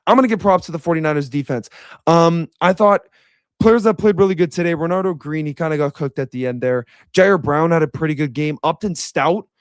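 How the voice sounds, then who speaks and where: Young man, high voice, dry close sound, frustrated ranting sports reaction. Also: no room sound. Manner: frustrated, ranting, repeats himself. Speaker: sports commentator. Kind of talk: casual reaction rant.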